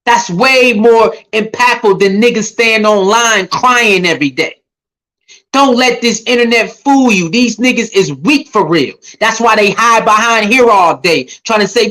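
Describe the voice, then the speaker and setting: Brief: male commentary host, animated rant, pitch swings wide. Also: moderate pace, low-quality recording. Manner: animated, mocking put-on voices for critics.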